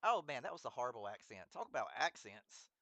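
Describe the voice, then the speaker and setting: Talking quickly with big pitch swings, a mid-range male streamer plays a mobile game live and chats directly with his audience, wandering off topic, tripping over viewers' names, and chuckling at his own slips. The dry recording makes his voice pushed and bright.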